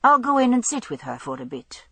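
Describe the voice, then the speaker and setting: A woman's voice: fairly high pitch, very animated, a little fast, sharp tone, breathy edge, dry recording, pitched above the performer's own voice, full character voice. A woman voicing an easygoing young male constable, in an audiobook. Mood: earnest. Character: young Highland police constable, man, easygoing.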